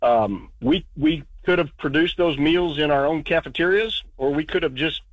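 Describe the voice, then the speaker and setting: A man serving as a school board member, speaking haltingly with fillers and restarts in a radio interview. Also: on the high side, no echo. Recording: dull lo-fi radio clip.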